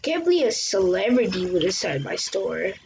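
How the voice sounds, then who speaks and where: A woman with a mid-range, sing-song voice that's gravelly and a little mellow hosts gameplay commentary for her channel at a moderate pace. She chats casually, exclaiming and reacting to the game. The recording is muffled and lo-fi, with faint hiss.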